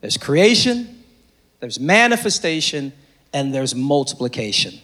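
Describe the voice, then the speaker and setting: A man preaching a sermon to a congregation, swinging between loud shouted lines and quiet asides, and repeating phrases for emphasis. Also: mid-range voice, big pitch swings, unhurried. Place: church service before a congregation.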